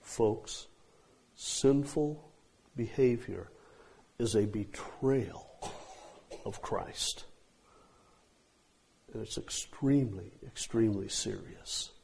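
A man preaching an expository sermon, emphatic, with drawn-out phrases and pauses. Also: fairly low pitch, vocal fry, a little mellow, husky.

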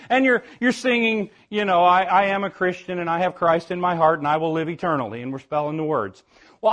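An older man preaching in a playful, folksy way, often restarting his words and sometimes singing a spelled-out song. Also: high-pitched. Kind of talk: playful sermon with sung spelling songs.

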